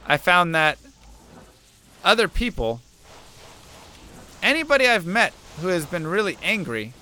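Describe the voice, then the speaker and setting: A man's voice: high-pitched, very animated, measured pace, bright, forceful tone. A young man streaming a game, chatting casually and telling an earnest story while making asides about the play. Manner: earnest storytelling, musing aloud between game remarks. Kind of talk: casual chat while playing.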